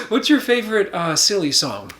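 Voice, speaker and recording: A woman's voice: mid-range voice, very noisy. A woman leading a children's music lesson in a cheerful, playful way, talking straight to the kids.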